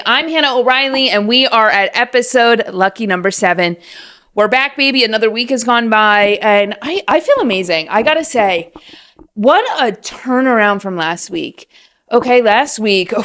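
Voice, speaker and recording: A woman in her late twenties hosting her own podcast from home, chatting in a rambling, animated, casual way. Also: a little high. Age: late 20s. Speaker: podcast host. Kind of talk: casual solo podcast chat. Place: room at home. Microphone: set-up podcast mic at home.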